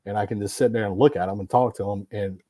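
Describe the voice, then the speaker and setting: A man with a low, warm-toned voice talks on a podcast and drives his points home by repeating words. He sounds emphatic and preachy, and the recording is dry and close. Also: steady tone, fast talker, no echo. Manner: emphatic, repetitive, preachy about masculinity. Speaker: podcast guest. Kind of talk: casual podcast conversation.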